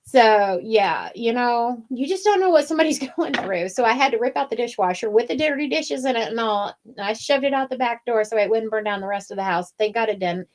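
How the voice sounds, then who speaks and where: A woman's voice: on the high side, expressive, brisk, few pauses. A woman co-hosting a craft show, chatting casually and telling a long, rambling story with plenty of fillers. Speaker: wreath-making show co-host. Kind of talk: casual chat.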